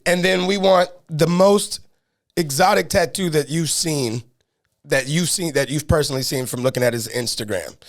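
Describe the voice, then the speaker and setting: A man hosting a casual podcast, his voice sitting a little high. He chats in a relaxed, easy way and laughs readily. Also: moderate pace. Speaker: podcast host. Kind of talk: casual chat.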